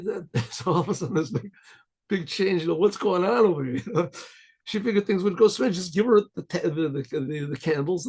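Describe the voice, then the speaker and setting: Male rabbi storyteller, somewhat high, husky voice, loose and chatty delivery. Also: expressive, fairly quick, a little mellow. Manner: rambling, chatty, with chuckles.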